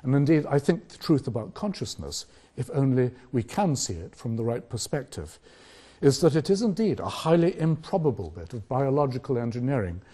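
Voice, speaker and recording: An older man giving a university philosophy lecture, measured and reflective, posing rhetorical questions. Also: mid-range voice, dark tone, husky. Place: lecture hall.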